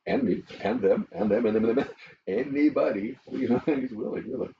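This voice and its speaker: A middle-aged man, a pastor telling stories in an interview in an animated way, with frequent chuckles. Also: mid-range voice, moderate pace, vocal fry, distant mic. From Canada. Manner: animated storyteller, chuckles often. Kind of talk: interview conversation. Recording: muffled lo-fi with faint noise.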